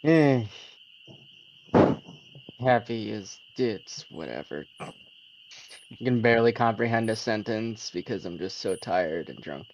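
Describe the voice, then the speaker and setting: A man's voice: lowish voice, lively intonation, slow pace, long pauses, a little hiss or hum, pitched below the performer's own voice. A man voicing a weary, drunk male adventurer who mumbles and sighs. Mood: sleepy, sullen. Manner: mumbling, sullen, sighing. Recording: dull lo-fi sound.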